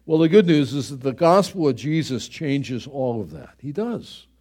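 A middle-aged man preaching a sermon as pastor, emphatic, with dramatic swings in pitch and volume. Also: expressive, normal speed, darkish tone, slightly rough.

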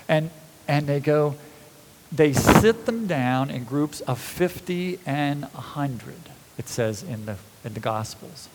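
A man preaching a sermon, retelling the scenes with animated storytelling and acting out the people in them. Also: fairly high pitch, slow, a little hiss or hum, low-quality recording.

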